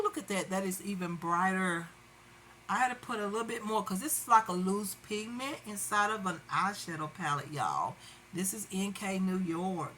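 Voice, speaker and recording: Woman beauty vlogger, casual venting chat, slow and bright. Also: mid-range voice, slight background noise. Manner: rambling, venting, many fillers. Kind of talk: casual makeup tutorial chat.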